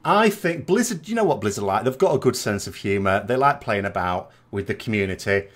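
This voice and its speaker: A man's voice: on the low side, lively intonation, brisk, fairly bright tone. A British man chatting casually as a gaming vlogger, reading out viewer comments and answering them with rambling asides and tag questions.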